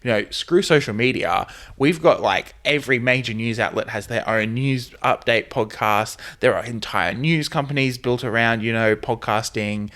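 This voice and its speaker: A man's voice: mid-range voice, moderate pace, hardly any pauses, fairly bright tone. Rambling Australian man hosting a podcast. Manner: rambling, full of "like" and "you know". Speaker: podcast host. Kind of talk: casual chat.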